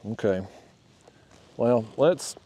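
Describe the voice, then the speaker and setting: A man, chatting to his viewers in a folksy, excitable way while fishing from a small boat. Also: mid-range voice, extremely slow. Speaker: fishing vlogger. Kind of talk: casual narration while fishing.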